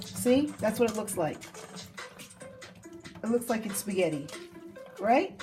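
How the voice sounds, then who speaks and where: A cooking show host with a medium-pitched, very animated voice runs a casual demonstration at a hot kitchen stove, speaking a little slowly and pausing often. She's chatty and playful, with cheerful exclamations, over a sizzling pan and music.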